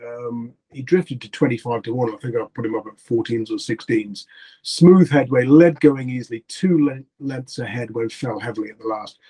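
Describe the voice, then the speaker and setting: A man on a racing podcast runs briskly through a horse's past results. He slips in jokes along the way. His voice sits at a middle pitch. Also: warm tone, slightly rough, rough recording. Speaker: racing tipster. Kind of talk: casual podcast chat.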